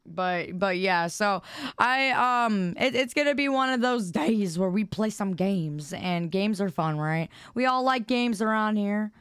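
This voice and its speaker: A woman streamer, slightly hoarse, chatting casually and teasing her viewers, often stammering and repeating words. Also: mid-range voice, expressive, a little slow, no echo. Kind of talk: casual live-stream chat. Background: background music.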